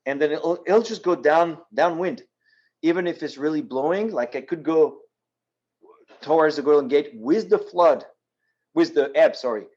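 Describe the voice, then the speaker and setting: A man's voice: on the high side, moderate pace, a little mellow, highs cut off. A man from France with a French accent, a guest speaker answering audience questions in a practical, step-by-step way. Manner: practical, explains step by step with frequent ums and restarts. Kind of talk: presentation with audience Q&A. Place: yacht club meeting room.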